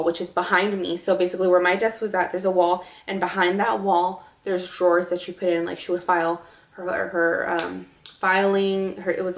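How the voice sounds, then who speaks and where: A woman's voice: fairly low pitch, echoey room. A woman vlogger telling a story in a casual, rambling way, full of fillers.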